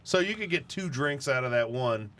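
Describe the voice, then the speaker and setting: A man's voice: mid-range voice, expressive, moderate pace, a bit bright. A man co-hosting a casual podcast, teasing and playful. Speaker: podcast co-host. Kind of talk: casual chat.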